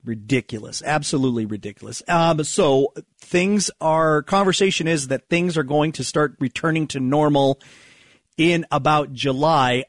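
A man's voice: fairly high pitch, lively intonation, moderate pace, no room sound, studio quality. A man hosting a casual political monologue, rambling and sarcastic, restarting his sentences and sighing. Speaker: political commentary host.

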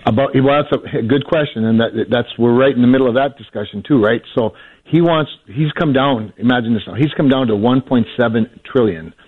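A male senator answering questions on a radio call-in show, measured and explanatory, restarting his words often. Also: mid-range voice. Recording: phone-line audio.

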